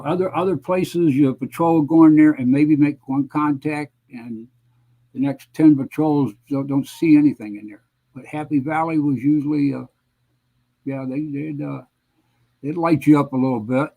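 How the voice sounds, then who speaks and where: A man in his seventies, a guest veteran, answering interview questions in a halting, measured way with frequent pauses. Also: a little high, steady tone, dark tone, low-quality recording. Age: 70s. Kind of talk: conversational interview reminiscing.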